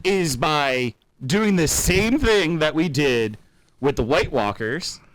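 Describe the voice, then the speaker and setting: Lively questioning man, slightly high voice. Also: slow, no room sound. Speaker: podcast co-host. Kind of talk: casual debate chat.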